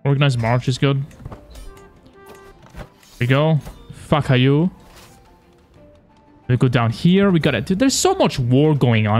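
A young man casually commentating his strategy game, animated and taunting, swearing as he plays. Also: mid-range voice, unhurried, pauses often, faint music behind. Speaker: gaming YouTuber.

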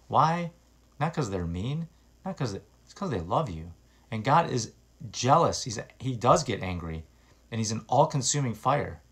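A man's voice: medium pitch, fairly bright tone, slightly rough. A man preaching an informal sermon, earnest and exhorting, rising to emphatic bursts as he reads scripture and urges repentance.

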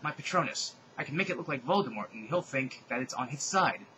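A man's voice: medium pitch, expressive, brisk, sharp tone, a little hiss or hum, rough recording. A man reading the lines of a nervous young wizard in a hesitant, slightly mumbled voice. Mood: sheepish.

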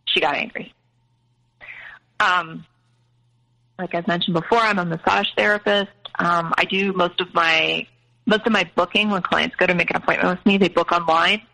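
A woman's voice: on the low side, steady tone, normal speed, gravelly, pushed and bright, rough recording. A young woman candidly recounting a painful family story, quoting others in her own voice. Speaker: guest telling her story. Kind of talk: personal storytelling.

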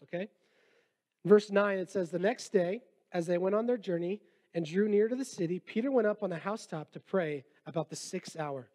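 Young male youth pastor, high-pitched, relaxed jokey sermon delivery with scripture reading. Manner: casual, jokey preaching with reading aloud.

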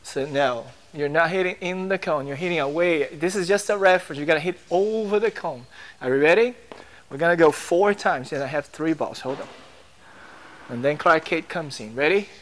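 A man's voice: on the high side, normal speed. Upbeat male tennis coach on court. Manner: encouraging, gives short drill commands.

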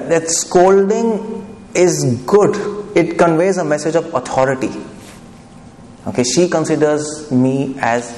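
A man's voice: fairly high pitch, a little mellow. A man giving a devotional lecture, chatty and often asking the audience questions. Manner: conversational, asks the audience questions. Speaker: preacher. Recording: echoey hall, faint background noise.

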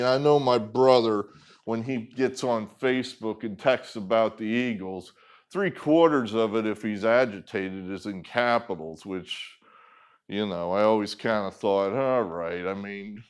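A man's voice: mid-range voice, smooth. A middle-aged man gives casual political commentary in an everyday mid-range voice. He rambles, starts over and drops sarcastic asides as he goes. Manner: rambling, sarcastic, many fillers and restarts.

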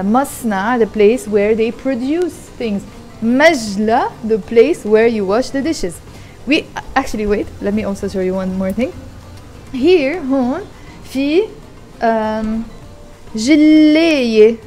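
A woman's voice: on the high side, mellow. A woman giving a casual vlog language lesson from her home kitchen while doing the dishes, patiently repeating and explaining each word. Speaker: language teacher.

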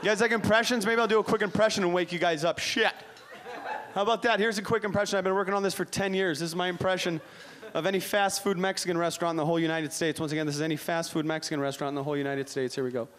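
A man from Iran doing live stand-up comedy as host, energetic, profane and teasing the crowd. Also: high voice, rapid-fire. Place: comedy club stage. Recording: noisy club with crowd laughter.

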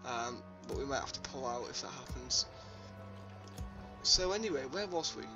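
A man's voice: medium pitch, lively intonation, moderate pace, dull audio. A young man casually commenting on his gameplay, rambling with lots of ums and uhs. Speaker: let's play host. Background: game music.

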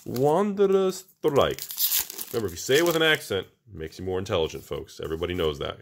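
Excitable low-voiced man unboxing cards. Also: very fast, gravelly, noisy background. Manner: excitable, joking, addresses the audience as folks. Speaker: channel host opening card packs. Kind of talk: casual vlog commentary.

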